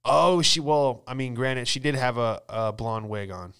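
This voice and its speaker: A man's voice: mid-range voice, normal speed, fairly bright tone, clear, resonant tone. A man hosting a comedy podcast, riffing and joking loosely about news, profane and laughing often. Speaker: podcast host. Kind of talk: casual comedic chat.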